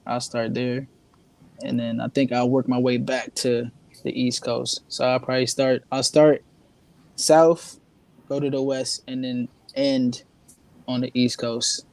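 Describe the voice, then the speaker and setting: A man's voice: mid-range voice, flat delivery, a little slow, vocal fry, darkish tone, no echo, poor audio. A man from New Jersey, a musician guest on a podcast, talking in a laid-back casual way with many ums and likes. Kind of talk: casual interview chat.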